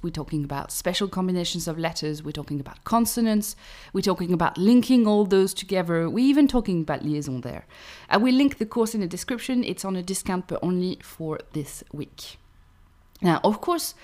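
French woman teaching pronunciation, lowish voice. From France. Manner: explains patiently, often checks with "right?". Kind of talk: online language lesson.

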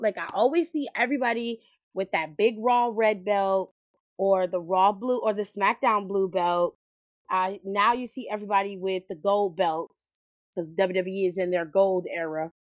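A woman co-host chatting casually in an enthusiastic, rambling way at a middle pitch. Her recording sounds dull and dry, with no room echo. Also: moderate pace. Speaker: podcast co-host. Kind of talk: casual chat.

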